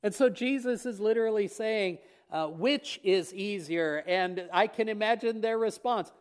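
High-voiced male preacher telling a story. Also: a little slow, hardly any pauses, clear, resonant tone. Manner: expressive storytelling, acting out quoted lines. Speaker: pastor. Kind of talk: sermon.

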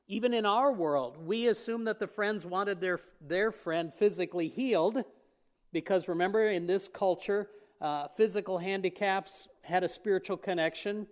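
A man preaching a sermon, retelling a story and acting out the lines of the people in it. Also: high voice. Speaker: pastor.

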